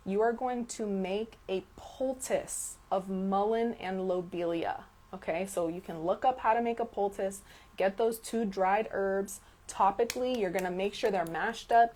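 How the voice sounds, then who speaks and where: A woman with a medium-pitched, darkish voice runs a live stream Q&A, fielding viewer questions as a detox health coach. She talks emphatically, repeats important words, and often adds "okay?".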